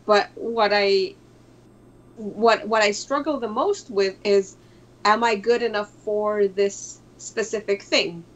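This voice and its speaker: A woman's voice: medium pitch, takes it slowly. Hesitant woman on a dull lo-fi line. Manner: hesitant, self-doubting, trailing off. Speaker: podcast guest. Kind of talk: casual conversation. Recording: dull lo-fi sound.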